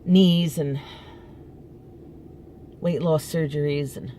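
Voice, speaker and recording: Her voice is low, steady, slow, and warm, with a little hiss or hum, as this middle-aged woman vents in a casual vlog outside her apartment. Frustrated and emphatic, she frequently restarts what she's saying.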